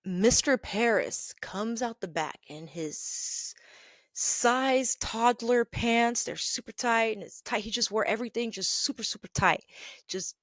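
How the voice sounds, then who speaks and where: A woman hosts a podcast, telling a story about a bad job. She sounds animated and exasperated and sometimes laughs in disbelief. Her voice sits mid-pitch and is recorded very dry and close. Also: a little slow, no room sound. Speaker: podcast host. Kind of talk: storytelling rant.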